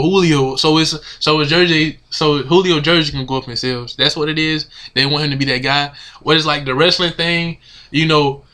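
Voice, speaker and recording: A man vents to his camera as a sports fan, slangy and exasperated, saying the same things over again. Recorded on the camera mic, his slightly high voice comes across pushed and bright.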